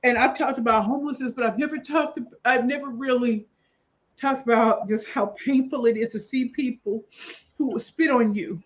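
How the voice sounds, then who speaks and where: A woman appearing as a talk show guest, telling her personal story candidly and emphatically, with sudden loud bursts on key words. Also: a little high, moderate pace. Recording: slightly dull lo-fi audio.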